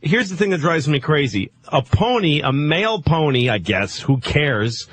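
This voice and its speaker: A man's voice: fairly high pitch, very animated, moderate pace, a little hiss or hum. A man chatting casually on a radio show, telling a profane story with bursts of laughter.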